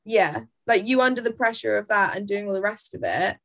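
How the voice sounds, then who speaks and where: A woman's voice: mid-range voice, expressive, a little fast, a bit bright. A woman in her twenties, a podcast guest chatting bluntly with grumpy, sweary humour. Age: 20s. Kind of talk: casual chat.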